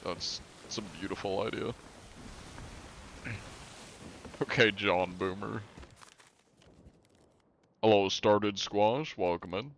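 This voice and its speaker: A man's voice: fairly low pitch, slow, pauses often, slight background noise. A young man streaming a game, chatting casually with viewers, reading their messages aloud and laughing easily at a desk mic. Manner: laid-back, reads chat aloud, laughs often. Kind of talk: casual live-stream chat.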